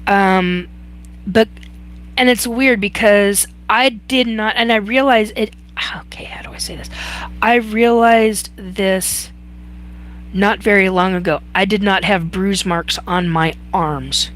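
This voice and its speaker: A woman hosting a live chat, telling a personal story in a halting way with many fillers and restarts. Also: mid-range voice, fairly even intonation, fairly bright tone, a little hiss or hum. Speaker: host.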